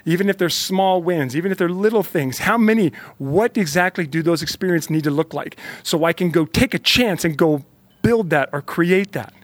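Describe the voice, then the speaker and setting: A man's voice: high voice, moderate pace, dry recording. A man giving an emphatic motivational talk straight to the listener, repeating phrases to build energy. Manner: emphatic, repetitive, fired-up; talks directly to the listener. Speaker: motivational speaker. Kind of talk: motivational monologue.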